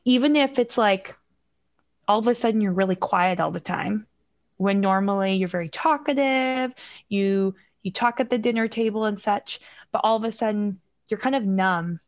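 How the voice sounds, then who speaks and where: A woman's voice: mid-range voice, normal speed. A middle-aged woman talking as a podcast guest, explaining parenting and emotions in a reflective way and acting out examples. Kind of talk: casual podcast conversation.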